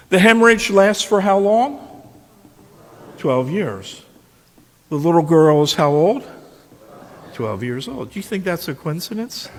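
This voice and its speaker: A man delivers a sermon in an unhurried, storytelling way and stops often to ask his listeners questions. His voice sits high and moves through a wide, animated range. A long reverb trails after his words. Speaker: preacher. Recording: long reverb of a large hall.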